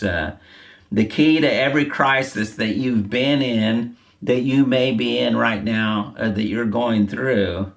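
A man's voice: fairly low pitch, vocal fry. A man preaching a sermon, earnest and repeating key phrases for emphasis. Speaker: pastor.

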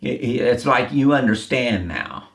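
A man's voice: mid-range voice, animated, a little slow, vocal fry, a bit bright. A man preaching a sermon, earnest and repeating key phrases for emphasis. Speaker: pastor.

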